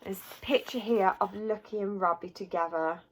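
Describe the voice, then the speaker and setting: A woman's voice: medium pitch, normal speed. A woman reading a children's book aloud, narrating expressively in the first person. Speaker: audiobook reader.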